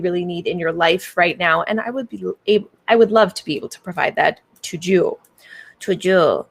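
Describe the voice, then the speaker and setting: A woman from Canada with a Canadian accent, a business coach chatting casually to her audience on a livestream, playful and bubbly with silly made-up words. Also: mid-range voice.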